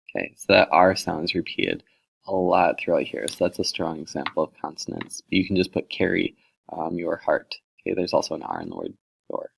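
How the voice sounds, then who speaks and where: A man with a very low voice and a gravelly fry explains poetry in a recorded lesson. He reads the poems aloud, then breaks down their sounds line by line, pausing often with fillers. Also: very animated. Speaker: teacher.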